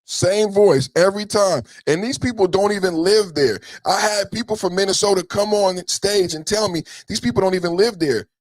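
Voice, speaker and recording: A man's voice: sits high, moderate pace, few pauses, no echo. Dry-voiced man ranting on a podcast. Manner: rambling, repeats phrases, builds an argument. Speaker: podcast host. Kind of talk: ranting reaction commentary.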